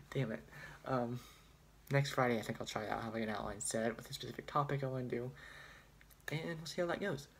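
A man's voice: medium pitch, lively intonation, brisk, gravelly, pauses often, a bit bright, a little hiss or hum. A young man vlogging casually on his phone, rambling and hesitant with a self-deprecating manner. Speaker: student vlogger. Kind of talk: casual chat.

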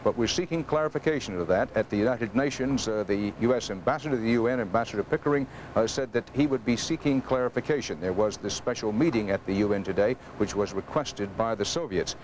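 Low-voiced man anchoring the news. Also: darkish tone, slight background noise, low-quality recording. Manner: halting with many fillers.

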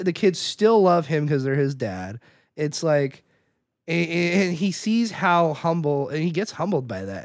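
A man co-hosting a podcast in a casual film discussion, animated and acting out scenes in exaggerated voices. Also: fairly high pitch, no room sound, clean studio sound. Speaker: podcast co-host.

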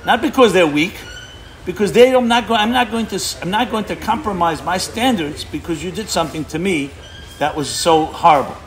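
Emphatic rabbi giving an impassioned sermon. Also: male voice, high-pitched, a little fast. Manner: impassioned, emphatic, restarts words mid-phrase.

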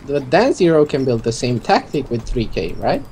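A man's voice: mid-range voice, huge pitch swings, moderate pace, darkish tone. A man chats through a strategy game match as co-commentator, casual and sure of himself. He teases his friend as he talks. A faint hiss runs under the recording. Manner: casual, teasing, confident.

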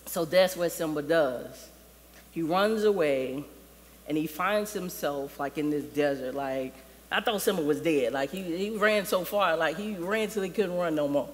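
High-voiced man preaching in a reverberant hall. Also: a little slow. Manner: casual storytelling, heavy use of "like". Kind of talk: sermon. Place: church sanctuary. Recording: long reverb of a church hall.

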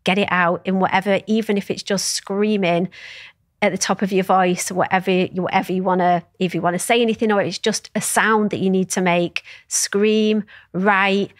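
A woman's voice: mid-range voice, steady tone, normal speed, no echo, clean studio sound. A woman guest telling personal stories in an open, reflective way, swearing freely as she talks. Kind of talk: candid conversational storytelling.

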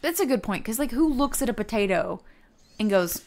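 A woman co-hosting a podcast in casual chat, giggly and reacting with quick exclamations. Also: fairly high pitch, lively intonation, darkish tone. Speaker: podcast co-host.

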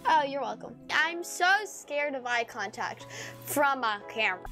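A young woman from California chatting casually on a solo livestream, rambling and deadpan with self-mocking asides. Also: sits high. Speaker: streamer. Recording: music playing behind.

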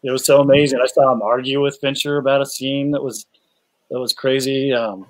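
A man, an actor guest, casually telling lively anecdotes from a film set with many fillers and restarts. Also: medium pitch, brisk, rough recording. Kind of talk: casual chat, animated anecdotes.

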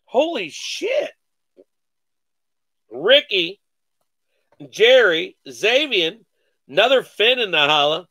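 A man hosting a live sports card break, calling out each card with excited slang and cursing. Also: sits high, no echo. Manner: excited, calls out cards rapidly with slang and cursing.

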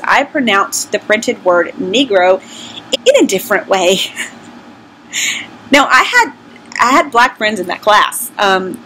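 A woman's voice: mid-range voice, bright, forceful tone, slight background noise, rough recording. A middle-aged woman with a Southern US accent, candidly and self-deprecatingly telling personal stories to her vlog audience in a casual, conversational way. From American South. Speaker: vlogger.

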